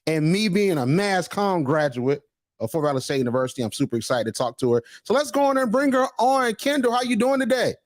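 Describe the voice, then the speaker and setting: Brief: male podcast host, animated swings in pitch, dry close sound, hyped and slangy. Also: fairly quick, dry recording. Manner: energetic, repeats "listen", slangy. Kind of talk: casual interview.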